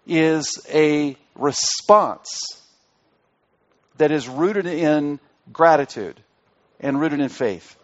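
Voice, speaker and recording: Male pastor, interactive sermon; a touch high-pitched, muffled lo-fi recording, repeats key phrases. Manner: asks the congregation questions, repeats key phrases. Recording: dull lo-fi recording.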